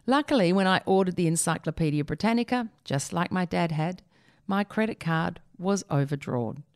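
Woman, lowish voice, dry comic read-aloud, presenter type. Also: animated, normal speed, a little mellow, dry recording. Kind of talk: read-aloud humorous essay.

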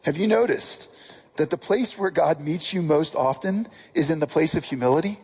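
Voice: medium pitch, moderate pace, a little mellow, husky, rough recording. A preacher giving a conversational sermon in a casual way, often asking the listeners direct questions.

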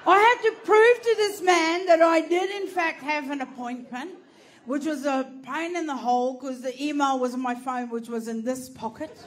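High-voiced woman doing stand-up. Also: normal speed, slight background noise. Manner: animated, profane, bursts into shouting. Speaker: stand-up comedian. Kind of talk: stand-up comedy storytelling.

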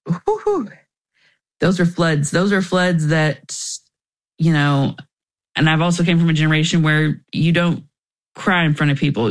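A young woman, a guest in an interview, telling her personal story candidly and emotionally, with restarts along the way. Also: low-pitched.

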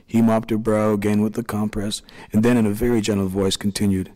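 Male narrator, low and calm, measured storytelling, long hall reverb. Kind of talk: scripted narration.

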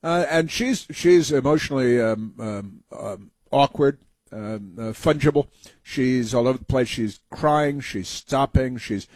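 A man's voice: medium pitch, lively intonation, unhurried, darkish tone, no room sound. Sarcastic male talk show host, dry sound. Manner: sarcastic, rambling with many fillers. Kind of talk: opinionated talk commentary.

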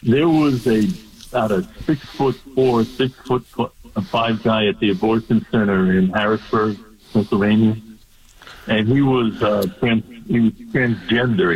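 A man's voice: on the low side, measured pace. A man hosting a casual talk show, telling an anecdote. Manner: chatty anecdote teller who laughs at his own punchlines. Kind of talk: casual chat. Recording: dull lo-fi sound.

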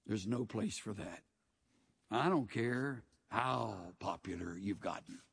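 A man delivers a sermon from the pulpit, his voice a little husky. He preaches with folksy storytelling and dry humor. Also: fairly low pitch, slow pace. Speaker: pastor.

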